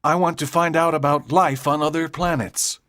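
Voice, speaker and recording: A woman voicing a brave schoolboy, speaking in a steady, determined way. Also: low voice, normal speed, no room sound. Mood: eager. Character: brave schoolboy eager to travel.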